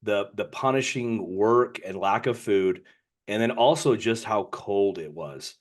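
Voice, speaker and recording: A man's voice: on the low side, measured pace. A man co-hosting a book podcast, talking casually and rambling, often repeating words as he restarts. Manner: rambling, repeats words, reads passages aloud. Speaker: podcast co-host.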